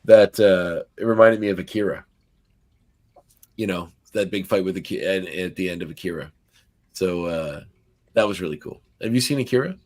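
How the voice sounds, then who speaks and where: In a low, slightly mellow voice at a moderate pace, this Canadian podcast host with a Nova Scotian accent chats informally. His speech drifts around, thick with fillers and restarts.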